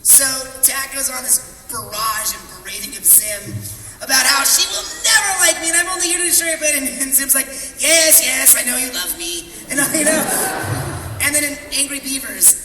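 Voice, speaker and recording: Excitable high voiced guy joking on a con panel, echoey hall, noisy crowd. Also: music in the background. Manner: excitable, playful, quick to joke. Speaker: voice actor panelist. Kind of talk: comedic convention panel chat. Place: large convention hall. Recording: echoey convention hall from far, loud crowd.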